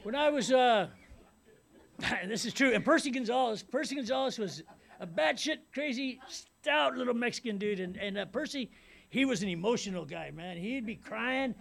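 A man's voice: very high voice, animated, normal speed, creaky, fairly bright tone. A middle-aged man from Ventura County, California, giving a personal testimony as a rambling storyteller who repeats himself and keeps saying "you know what I mean". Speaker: speaker sharing his recovery story.

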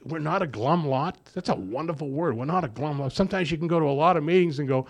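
Man, gravelly voice, rambling recovery-meeting share, lots of restarts. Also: on the high side, fast talker. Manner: rambling, with many repeated restarts; animated storyteller. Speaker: speaker sharing his recovery story at a meeting.

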